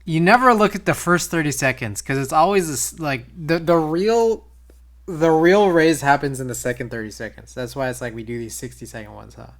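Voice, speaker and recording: A man's voice: fairly high pitch, moderate pace. A man streaming live, chatting casually with viewers while typing on a keyboard he built. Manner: laid-back, talks to chat while typing.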